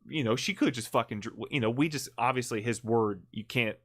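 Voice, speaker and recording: A man in the middle of pitch for his sex tells a story on a livestream in a loose, casual way. He rambles and corrects himself often, and his delivery is blunt and profane. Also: a little fast. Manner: rambling, full of restarts and self-corrections. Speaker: livestream co-host. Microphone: streaming mic.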